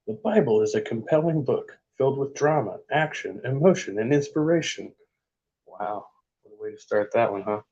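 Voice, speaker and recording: A man casually reading book passages aloud in a vlog, with offhand asides and halting attempts at French. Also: mid-range voice, darkish tone, highs cut off. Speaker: vlogger.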